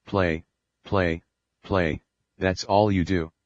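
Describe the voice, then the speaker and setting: A man reading the part of an angry, abusive father who yells and scolds his small son, in a dull lo-fi recording. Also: low voice, fairly even intonation, takes it slowly, no room sound. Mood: angry scolding. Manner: scolding, yelling insults.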